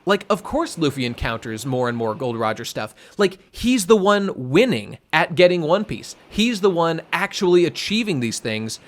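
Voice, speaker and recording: A young man co-hosting a podcast in casual chat, rambling excitedly with many fillers and some swearing. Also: on the high side, normal speed, hardly any pauses. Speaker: podcast co-host.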